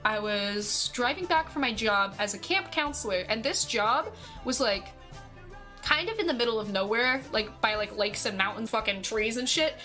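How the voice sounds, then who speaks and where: Young woman streamer, higher voice, animated anecdote delivery, heavy swearing, soft music bed. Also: normal speed. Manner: animated, swears constantly, acts out quotes. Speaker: streamer telling a story. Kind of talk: casual storytelling to stream chat.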